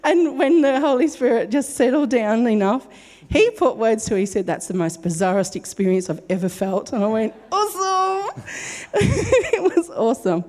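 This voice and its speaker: Woman, church testimony, joyful, giggly, slightly high voice, reverberant hall. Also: a little fast. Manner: joyful, giggly, animated storytelling. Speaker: church member sharing a testimony.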